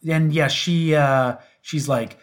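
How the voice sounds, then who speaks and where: A podcast co-host in a casual chat, wry and relaxed, often quoting others with plenty of fillers. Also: medium pitch, slow pace. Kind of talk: casual chat recapping a reality show.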